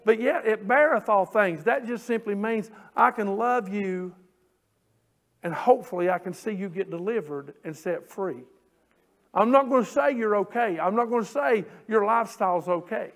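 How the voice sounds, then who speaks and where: In a church sanctuary, a pastor preaches a sermon from the pulpit, drawing out lines of scripture and building his emphasis as he goes. For a man, his voice sits notably high, and it's a bit bright.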